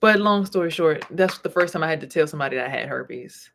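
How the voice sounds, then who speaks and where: A woman with a low-pitched, expressive, slightly bright voice talks at a quick pace, with a bit of background noise. She's a vlogger and spiritual reader telling stories bluntly to camera, swearing plenty in a casual monologue.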